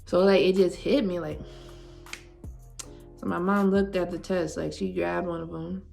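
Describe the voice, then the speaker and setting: A woman's voice: lowish voice, level tone, measured pace, gravelly, darkish tone, faint music behind. A woman in her twenties, a vlogger telling a personal story at home in a casual, rambling, heartfelt way, filling her talk with "like". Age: 20s. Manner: rambling, heavy use of "like", heartfelt. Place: at home indoors.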